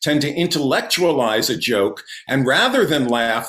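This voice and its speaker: A male comedian and magician chatting as a podcast guest, spinning stories with lively, animated energy and a big, loud laugh. He sits at a medium pitch, and the recording picks up a noticeably roomy echo from the space he's in at home. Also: moderate pace. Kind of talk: casual podcast interview storytelling.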